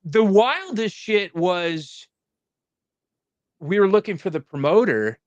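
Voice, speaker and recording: A man hosts a podcast in casual conversation, telling stories with animated energy and swearing freely. His voice is smooth and resonant. It is recorded close and dry, with no room sound. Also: high-pitched, takes it slowly, dry recording, dull audio. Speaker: podcast host. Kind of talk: casual chat.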